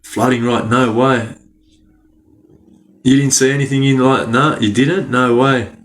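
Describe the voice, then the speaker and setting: Slow-talking Australian man reading chat. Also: medium pitch, fairly even intonation, a bit bright. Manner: slangy, laughs often, greets viewers by name. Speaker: livestream host reading chat. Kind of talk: casual livestream chat.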